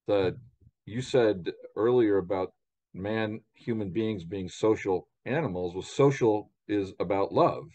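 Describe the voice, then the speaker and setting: A man with a low voice co-hosts a podcast. He reflects slowly and pauses often on fillers as he shapes a question for his partner. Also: dark tone, lo-fi sound. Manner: thoughtful, slow, with frequent fillers. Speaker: podcast co-host. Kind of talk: reflective conversational talk.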